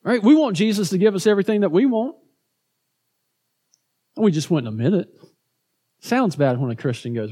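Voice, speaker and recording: A pastor preaching a conversational sermon, often repeating words and tagging points with "right?". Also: male voice, high voice, expressive, moderate pace, pauses often, mellow, breathy edge.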